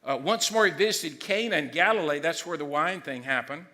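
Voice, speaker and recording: Man, middle-aged pastor, sermon, high pitch, bright tone, emphatic. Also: a little fast. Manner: excitable, emphatic, loud at times.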